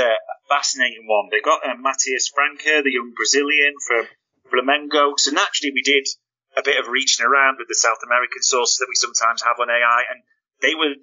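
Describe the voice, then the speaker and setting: A man's voice: medium pitch, bright, forceful tone, rough recording. A man co-hosting a football podcast, chatting casually and telling stories with energy. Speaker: podcast co-host.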